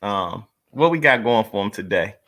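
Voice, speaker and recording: Laid-back man with a bright, stumbling voice. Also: on the low side, lively intonation, moderate pace. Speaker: podcast host. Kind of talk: casual podcast chat. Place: home studio, live stream. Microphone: webcam or desk mic on a video stream.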